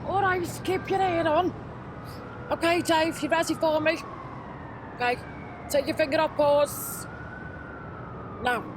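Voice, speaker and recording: With a high voice, fairly even intonation, a slow pace and frequent pauses, a woman plays a gossipy Liverpool woman with a shopping trolley. This comic presenter's Scouse character rambles and keeps butting in with her own stories during a street sketch, with traffic noise outside.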